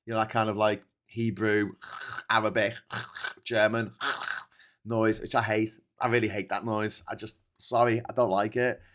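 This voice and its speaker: A Liverpool man with a Scouse accent talking through the news in a loose, chatty way. His voice sits a little low, and he stops often for ums and restarts, then pushes his opinions in plainly. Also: little pitch movement, moderate pace, fairly bright tone. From Liverpool, England. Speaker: host. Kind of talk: casual live-stream news commentary.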